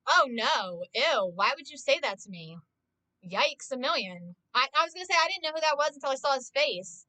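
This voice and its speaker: A woman's voice: high voice, big pitch swings, brisk, pushed and bright, no echo. A woman streamer in casual live-stream chat, talking freely to her viewers, swearing often and filling her talk with "like". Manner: chatty, swears often, heavy use of "like".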